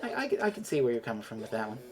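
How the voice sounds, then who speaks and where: A woman's voice: rumbling low, sing-song, rapid-fire, over music. A woman from Europe chatting casually while streaming a game, rambling, sarcastic and profane, often tripping over her words.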